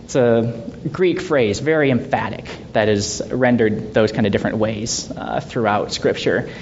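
A man leading a Bible study in a conversational way, asking rhetorical questions and laughing softly now and then. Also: normal speed. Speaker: Bible teacher. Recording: dull lo-fi sound with faint rumble.

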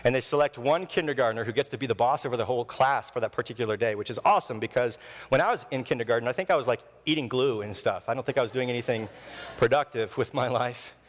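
A man in his thirties preaching a sermon in a church, telling stories with animated delivery and acting out the voices he quotes. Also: medium pitch, fast talker, in a large hall. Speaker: pastor. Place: church sanctuary.

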